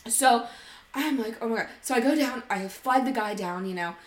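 At a normal speed and with a voice on the high side, a woman co-hosting a podcast tells a story in casual chat. Animated and swearing freely, she voices every line of dialogue herself, and the room adds an echo to the sound.

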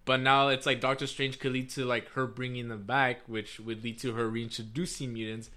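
A man's voice: mid-range voice, flat delivery, moderate pace, noisy background. A young man co-hosting a casual pop-culture chat, rambling with many restarts and swearing freely. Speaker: podcast co-host.

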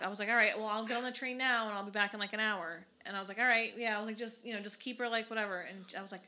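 A young woman tells a story on a casual podcast. She talks fast in a bright voice and acts out both sides of the conversation. She swears freely as she goes. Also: mid-range voice, low-quality recording. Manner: animated, swears freely, quotes herself in dialogue. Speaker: podcast co-host.

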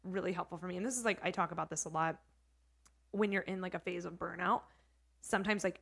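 A woman's voice: on the low side, steady tone, quick pace, creaky, a bit bright. A woman who works as a hair educator, a podcast guest chatting casually, with lots of "like" and "you know what I mean.". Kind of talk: casual interview chat.

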